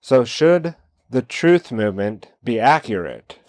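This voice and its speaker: A man's voice: medium pitch, sing-song, a little slow, darkish tone, dry recording, studio quality. A man hosting a solo commentary show, talking casually and posing one rhetorical question after another. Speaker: podcast host.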